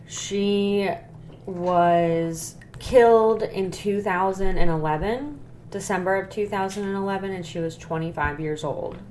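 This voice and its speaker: A woman co-hosts a casual podcast in a mid-pitched voice. She talks frankly and swears freely. A faint hiss sits under the recording. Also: measured pace, a little mellow. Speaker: podcast co-host.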